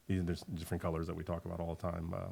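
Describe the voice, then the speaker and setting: Gravelly deep-voiced man telling stories. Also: rapid-fire. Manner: animated storyteller, emphatic. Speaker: guest, winery owner. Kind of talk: casual podcast conversation.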